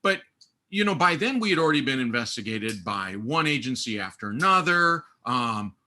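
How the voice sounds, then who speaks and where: Animated man with a bright, forceful voice. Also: moderate pace. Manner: lively, acts out quoted voices with big pitch swings. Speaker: guest, runs a training school. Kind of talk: animated podcast storytelling.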